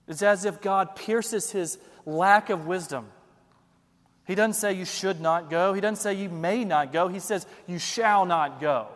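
A man's voice: high voice, big-room sound. A man preaching a sermon, building emphasis and asking rhetorical questions. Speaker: pastor.

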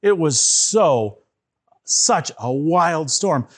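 Lively high-voiced man telling kids a Bible story. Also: drawn-out words. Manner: animated, asks kids to join in with actions. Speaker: children's Bible teacher.

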